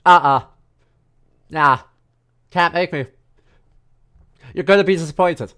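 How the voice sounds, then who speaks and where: A congested man with a sharp-toned, high-leaning voice speaks unhurriedly as he livestreams a casual history talk from his countryside home. He jokes constantly, using many fillers and asides.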